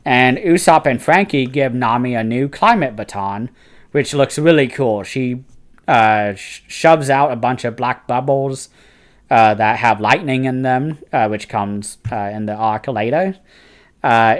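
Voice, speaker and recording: A man who hosts a fantasy book and manga review channel gives a casual spoken manga review in an unhurried, medium-pitched voice. He's eager and chatty, with frequent fillers and restarts.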